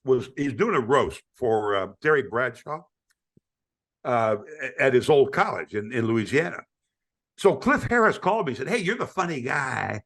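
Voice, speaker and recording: A man's voice: medium pitch, big pitch swings, normal speed, a bit bright. An older man, a retired sportscaster, telling stories in a podcast interview, acting out quoted voices with frequent stammering restarts. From United States.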